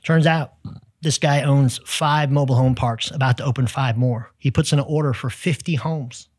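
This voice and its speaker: A Texan man, a sales executive, telling lively business stories as a podcast guest, acting out the people in them. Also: medium pitch, normal speed, husky, no room sound, studio quality. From United States. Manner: energetic, tells stories with quoted dialogue. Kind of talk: storytelling in conversation.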